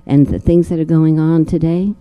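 A woman's voice: deep voice, steady tone, normal speed, clear, resonant tone, dull audio, soft background music. An older woman from New Jersey, a guest actress in a live Q&A, telling a personal story in a rambling way with many restarts and repeated words. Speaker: guest actress at a film screening talk.

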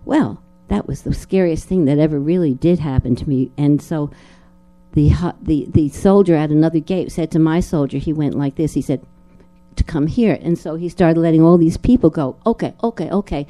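Older woman from New Jersey, guest actress at a Q&A; deep mellow tone, rambling storyteller full of restarts. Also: normal speed. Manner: rambling, frequent restarts and repeated words. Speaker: guest actress at a film screening talk. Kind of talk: personal storytelling in a live Q&A.

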